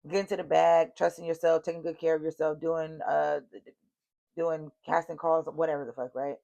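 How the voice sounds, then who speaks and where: Blunt, gravelly-voiced woman tarot reader. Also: low voice, little pitch movement, fairly quick, mellow. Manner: blunt, profane and emphatic, repeats warnings; speaks straight to viewers as y'all. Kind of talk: casual tarot reading.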